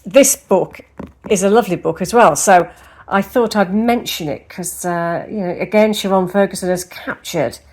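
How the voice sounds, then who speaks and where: A lifestyle vlogger with a medium-pitched, somewhat dark voice chats casually to the camera at a normal speed. She rambles and addresses the viewer directly, starting at home and later heading out to a park.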